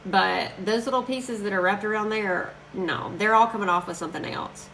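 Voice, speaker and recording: A woman's voice: mid-range voice, a bit bright, slight background noise, low-quality recording. A woman chatting casually and gushing to viewers while crafting on a live stream. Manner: chatty, gushing, quick to laugh.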